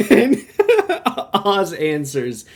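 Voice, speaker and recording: A young man co-hosting a podcast, retelling scenes in an animated way and laughing often. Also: sits high, very slow. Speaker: podcast co-host. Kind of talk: casual chat.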